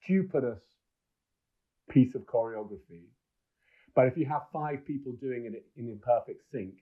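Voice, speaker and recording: A middle-aged film director, guesting on a podcast, tells enthusiastic, rambling stories with many restarts in a mid-range voice at a moderate pace. It's casual storytelling, and the recording sounds dull and lo-fi.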